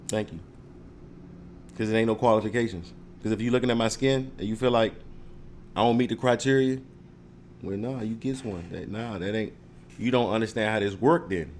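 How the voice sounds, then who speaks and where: A man talks casually to the camera, animated and joking, acting out confrontations with mock questions. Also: mid-range voice, normal speed, pauses often, a little hiss or hum. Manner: animated, joking, mock-confrontational role-play with frequent laughs. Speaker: speaker giving advice to viewers.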